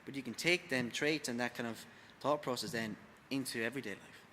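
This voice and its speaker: An Irish man with a bright, forceful voice co-hosts a casual podcast, speaking in loose, halting sentences full of fillers. His voice carries a long reverb. Faint background noise sits behind him. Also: medium pitch. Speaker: gym coach and podcast co-host.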